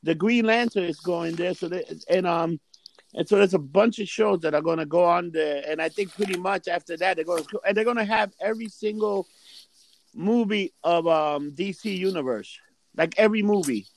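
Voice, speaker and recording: A man's voice: sits high, normal speed, slight background noise. A man in casual chat, rambling and swearing with lots of fillers. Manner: laid-back, profane, rambling with fillers.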